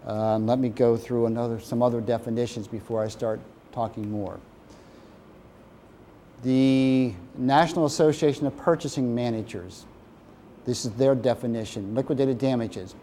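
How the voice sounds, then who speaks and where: Male course instructor, mellow tone, lecture delivery, faint room noise. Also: mid-range voice, steady tone, moderate pace. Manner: explains definitions, asks the class questions. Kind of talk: classroom lecture.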